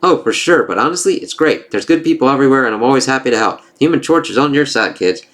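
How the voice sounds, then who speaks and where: A man's voice: medium pitch, animated, quick pace, a bit bright, natural voice. Guy reading out a laid-back show-off superhero kid, cocky. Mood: breezy. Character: cocky young male superhero, easygoing show-off.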